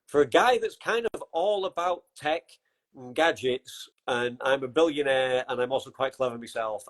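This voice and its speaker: Wry, sweary podcast host. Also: male voice, medium pitch, poor audio. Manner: wry, swears freely, sarcastic asides. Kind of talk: casual chat.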